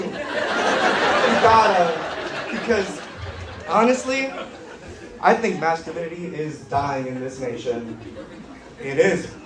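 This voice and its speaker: A man doing stand-up comedy on a club stage, with a deadpan, edgy, self-mocking delivery. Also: high voice, very noisy. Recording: roomy club sound from far, crowd laughter.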